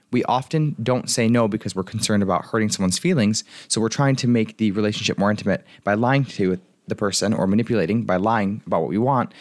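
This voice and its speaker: Male life coach, brisk casual monologue, frank storyteller, dry close recording. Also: fairly low pitch, no echo.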